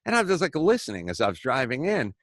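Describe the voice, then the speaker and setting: A middle-aged man hosting a talk show, telling stories in a casual, animated way, acting out the people he quotes and swearing freely. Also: medium pitch, fast talker, no room sound, studio quality. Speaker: podcast host. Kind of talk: casual storytelling chat.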